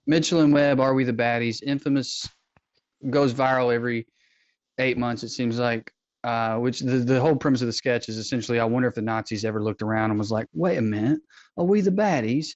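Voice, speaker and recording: A man's voice: mid-range voice, flat delivery, brisk, no room sound. A man hosts a loose podcast chat, rambling from joke to joke with a self-mocking streak. His voice comes through a dry, close remote mic with slightly dull, lo-fi sound. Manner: jokey, rambling, self-deprecating. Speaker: podcast host.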